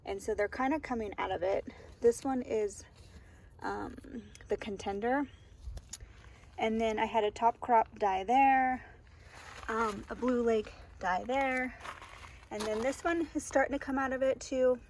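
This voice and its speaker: Strolling through her garden outdoors, this homestead vlogger speaks at a fairly high pitch, a little slowly, with a darkish tone. There's slight background noise as she chats casually, laughs a lot, and says um often.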